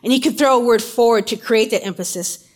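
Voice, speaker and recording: A woman's voice: on the high side, brisk. Woman preaching. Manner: conversational, uses casual asides and fillers. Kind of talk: sermon.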